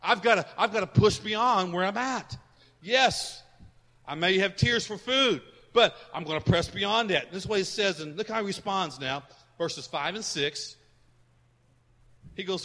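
Give me a fervent male pastor with a bright, sharp voice, preaching in a reverberant church. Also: high-pitched. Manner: fervent, rising to shouts, drawn-out emphatic phrases. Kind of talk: sermon. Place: large church. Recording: long reverb of a church hall.

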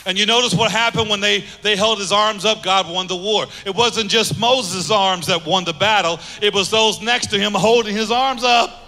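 Bright-voiced man preaching in a reverberant church. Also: sits high, moderate pace, hardly any pauses. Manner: earnest, repeats phrases for emphasis, drops soft for key lines. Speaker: pastor. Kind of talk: sermon.

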